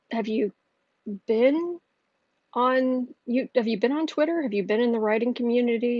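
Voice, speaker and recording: Woman tarot streamer, husky and fairly high, rambling casual chat, muffled lo-fi mic. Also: a little mellow, dry recording. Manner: rambling, chatty, self-interrupting with restarts. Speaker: astrology and tarot livestream host.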